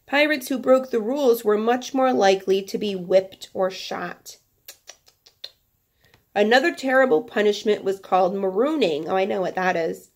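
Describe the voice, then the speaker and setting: A woman's voice: mid-range voice, normal speed. A woman teacher reads a book aloud to her students in an everyday mid-range voice. She keeps stopping to chat and joke with the class between passages. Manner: chatty asides between reading, playful.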